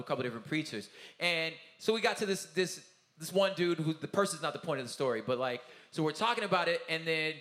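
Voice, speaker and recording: A man speaking at a conference talkback in a loose, rambling style. He keeps adding "you know what I'm saying" and acts out the people he quotes. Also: on the high side. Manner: animated storyteller who acts out the people he quotes. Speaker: touring Christian music artist at a conference talkback. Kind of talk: casual conversational talkback. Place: event hall. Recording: roomy event hall sound.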